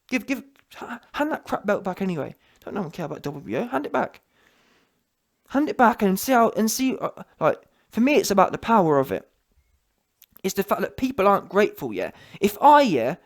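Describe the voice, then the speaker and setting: Man, fired-up boxing rant, mocking, slangy, keeps adding "yeah". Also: extremely high pitch. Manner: heated, mocking, slangy, full of restarts and "yeah" tags. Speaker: boxing commentator. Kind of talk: ranting opinion vlog.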